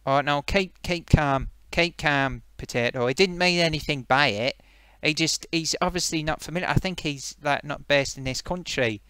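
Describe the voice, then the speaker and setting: A man's voice: fairly high pitch, normal speed, fairly bright tone, clear, resonant tone, no room sound, close to an everyday voice. A man voicing a gloating, eager male sock puppet who hosts a comedy stream, rambling with many fillers. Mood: soothing. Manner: rambling, hesitant, lots of fillers. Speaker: host.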